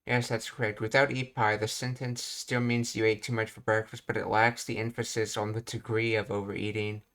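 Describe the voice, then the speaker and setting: A man's voice: fairly low pitch, flat delivery, fairly quick, fairly bright tone. A man working through a casual language lesson, thinking aloud with fillers and reading out explanations. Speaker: language teacher.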